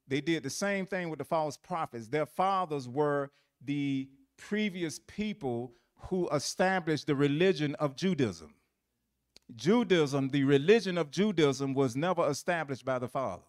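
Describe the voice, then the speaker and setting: A man's voice: fairly high pitch, expressive, unhurried. A man teaching a Bible lesson, quizzing listeners with fill-in questions and repeating phrases for emphasis.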